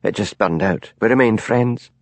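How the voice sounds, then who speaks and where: A man's voice: fairly low pitch, normal speed, no echo. A man putting on a prickly, haughty actress. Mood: affronted. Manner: affronted, defensive. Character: haughty middle-aged actress, defensive and prickly.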